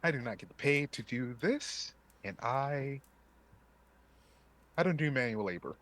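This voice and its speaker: A man's voice: medium pitch, expressive, a little slow, a bit bright. A man voicing a lazy, dismissive character who brushes off work in an offhand tone.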